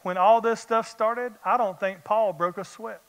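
A man preaching a sermon as pastor, animated and firing rhetorical questions at the congregation. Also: sits high, unhurried, clean tone. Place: church sanctuary. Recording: long church-hall reverb.

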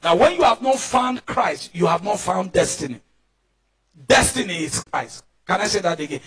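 A Nigerian pastor preaching a fervent sermon, often shouting and calling on the congregation to answer back. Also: male voice, sits high, animated, a little fast.

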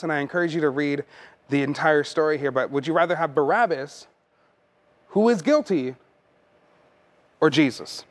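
A man preaching a sermon as pastor, earnest and conversational, often repeating words as he goes. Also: a little high.

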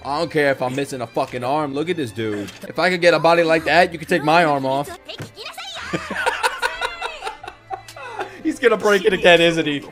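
A man hosting an anime reaction video, talking excitedly in profane, joking asides as he watches. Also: a little high, quick pace, hardly any pauses, soft background music. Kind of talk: live reaction commentary. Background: faint anime soundtrack.

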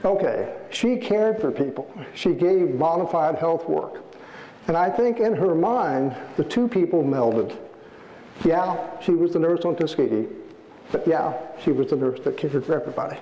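A man, an author, giving a storytelling lecture in an animated way, acting out the people in his stories. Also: on the high side, moderate pace, highs cut off, slight background noise. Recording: echoey hall, faint ambience.

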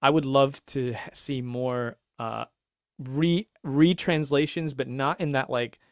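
A man co-hosting a casual podcast discussion, talking in an animated, rambling way with restarts and laughs. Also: mid-range voice, slow pace, no room sound, studio quality. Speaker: podcast co-host.

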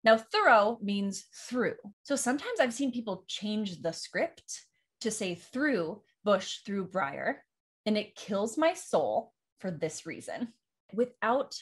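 Husky-voiced woman teaching Shakespeare. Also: a little high. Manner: enthusiastic, explanatory, demonstrates meter aloud. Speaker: acting teacher. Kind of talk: Shakespeare monologue tutorial.

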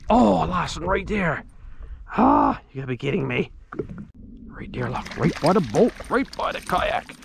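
A man out on a pond in his kayak, talking viewers through his fishing in a loose, chatty way. His pitch jumps around a lot as he gets excited and calls to his dog. There is a faint hiss of noise behind him. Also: creaky. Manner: excitable, talks to his dog and viewers while reeling in fish. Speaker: outdoors vlogger. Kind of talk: casual running commentary while fishing.

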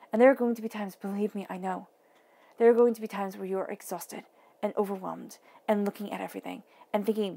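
A woman giving an emphatic, encouraging tarot reading to her viewers, often dropping to a soft near-whisper. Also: medium pitch, steady tone, fast, vocal fry, husky. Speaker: tarot reader.

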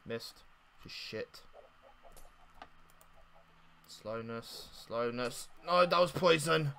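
A young man commentating on his own gameplay, exasperated and swearing, swinging between loud outbursts and mock mourning. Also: medium pitch, animated, extremely slow, vocal fry, a little hiss or hum. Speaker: gaming YouTuber. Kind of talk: casual game commentary.

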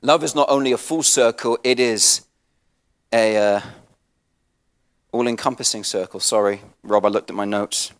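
An English man preaching a sermon as pastor, swinging from soft and low to loud and passionate, often repeating and restarting words. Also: fairly even intonation, normal speed, pauses often, clean tone, in a large hall. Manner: restarts and repeats words, self-deprecating asides.

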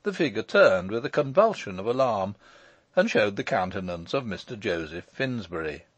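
Man, audiobook narration, lively pitch, dry, dull lo-fi sound. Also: normal speed, no room sound.

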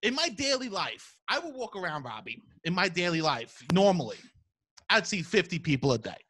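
A man, hosting a podcast in casual chat, loud and profane, telling animated stories. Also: sits high, normal speed, slightly rough. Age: 30s. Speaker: podcast host.

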